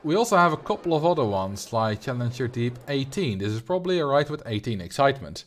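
Young dutch guy rambling on a game stream, mid pitch, reads chat and answers. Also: very animated, fast, slight background noise. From Netherlands. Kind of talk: casual livestream chat.

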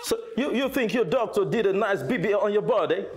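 A man's voice: sits high, brisk, faint music behind. A young man with a Nigerian accent trading teasing banter as a contestant in a party game. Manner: laughing, teasing, animated.

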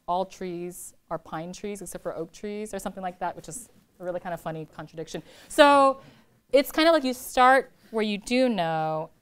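A woman poet in her thirties, from California, answering audience questions in a chatty, animated way, laughing often and filling her talk with "like". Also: lowish voice, clean tone. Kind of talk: casual talk at a reading Q&A.

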